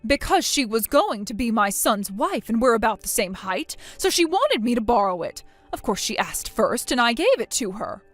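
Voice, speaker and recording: A woman's voice: fairly high pitch, big pitch swings, moderate pace, few pauses, no echo, faint music behind. A woman voicing a stern middle-aged mother in a text-message story, scolding her daughter harshly. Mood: explaining.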